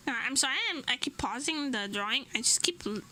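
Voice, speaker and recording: High, very bright giggly woman. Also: a little hiss or hum, low-quality recording. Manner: giggly, laughs between almost every phrase. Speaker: streamer and illustrator. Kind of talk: casual chat while drawing on stream.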